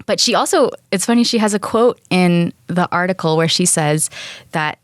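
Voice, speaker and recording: A woman's voice: fairly low pitch, normal speed, dry recording, studio quality. A young woman co-hosting a podcast in casual chat, earnest and gushing as she retells a story. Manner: earnest and gushing, tells stories with quotes. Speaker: podcast co-host.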